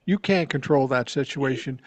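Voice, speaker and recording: A man's voice: mid-range voice, normal speed. A man from Georgia calling in as a regular guest on a political talk show, speaking bluntly and steadily with some cursing.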